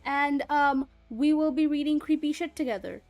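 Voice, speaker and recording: A woman's voice: sits high, moderate pace, darkish tone, dry recording. A woman streamer in casual livestream chat, rambling and chatty and swearing freely.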